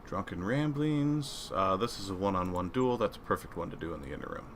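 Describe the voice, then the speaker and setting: A man with a slightly low, bright voice gives relaxed game commentary. He rambles through menus and reads game text aloud. Faint noise sits behind him. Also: fast. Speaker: gaming video creator.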